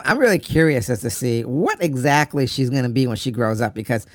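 A man's voice: medium pitch, expressive, fairly quick, dry recording. A young man co-hosting a casual podcast from home, rambling and hesitant, with lots of restarts. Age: young adult. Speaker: podcast co-host. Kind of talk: casual chat. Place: home room with a window open. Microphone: home recording setup.

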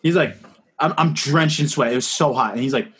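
Telling meandering stories on the podcast he co-hosts, this young man peppers his chatter with "like" and "right?". He speaks briskly in a mid-range, fairly bright voice, with slight background noise behind him.

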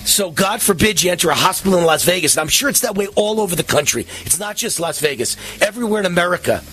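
A man's voice: high voice, fast, soft background music. A man hosting a talk radio show, ranting with indignation and acting out little scenes as he talks. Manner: animated and indignant, acts out scenes.

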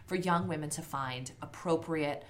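A woman's voice: low voice, normal speed. A woman in her thirties co-hosting a podcast in casual chat, blunt and swearing freely. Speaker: podcast co-host.

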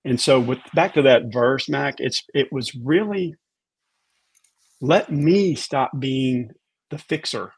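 A man with a slightly husky voice speaks earnestly about faith as a podcast guest. His pitch sits in the middle range, and he leans on repeated words for emphasis. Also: slow pace.

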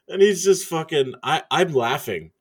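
A man's voice: fairly high pitch, breathy edge. A man telling a story in casual chat, laid-back and profane, laughing along as he talks.

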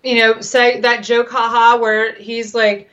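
A woman chats candidly as a regular talk-show guest, her slightly high voice swooping up when a story gets going. She comes through a muffled, dull-sounding line. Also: little pitch movement, measured pace, fairly bright tone. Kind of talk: candid casual chat.

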